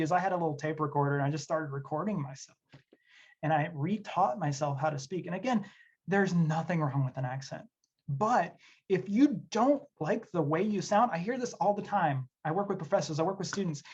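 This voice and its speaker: A man's voice: high voice, lively intonation, moderate pace, a little mellow, breathy edge. A man from Tennessee who works as an instructional designer, leading an online workshop in an earnest, conversational way with many fillers. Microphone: computer mic on a video session. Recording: dull lo-fi audio.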